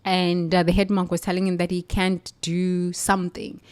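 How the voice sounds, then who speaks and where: A woman from the United States, a former nun, telling a spiritual story in an emphatic, animated way. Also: lowish voice, moderate pace, clean tone. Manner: animated, emphatic, laughs between lines.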